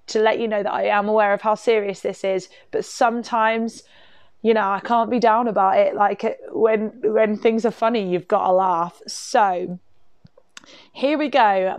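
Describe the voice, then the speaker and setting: A woman talks through a personal story on her podcast in a candid, chatty way, poking fun at herself and leaning on casual fillers. Her voice sits at an ordinary middle pitch. The recording is dry and close, with no room echo. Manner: candid, chatty, self-mocking, many "like"s. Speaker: podcast host.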